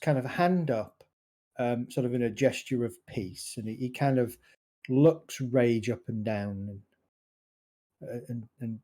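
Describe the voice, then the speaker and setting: Casual, halting game master. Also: medium pitch, warm tone. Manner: casual, halting narration with fillers. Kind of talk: narrating a tabletop game.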